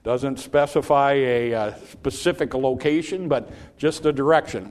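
A middle-aged man preaching a sermon, earnest, repeating phrases and rising in pitch on points he stresses. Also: measured pace, a little mellow. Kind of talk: sermon, Bible teaching.

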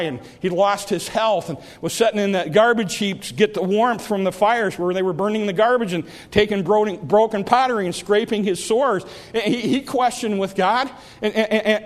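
A man preaching a sermon as a pastor, swinging from impassioned shouting down to hushed, pleading repetition. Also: high voice. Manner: rises to impassioned shouts, drops to hushed pleas. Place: church sanctuary. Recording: long reverb of a church hall.

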